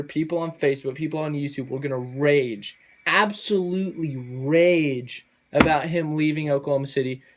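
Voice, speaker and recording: Fired-up man ranting to camera. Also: on the high side. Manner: angry, repetitive, swears mildly, cools down later. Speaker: sports vlogger. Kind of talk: heated ranting monologue to camera.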